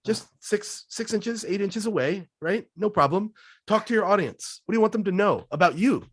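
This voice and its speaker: Brief: upbeat male sales coach, slightly high voice, dry and close, quick punchy answers. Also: expressive, slightly rough, no echo. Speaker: guest sales trainer. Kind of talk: webinar Q&A answers.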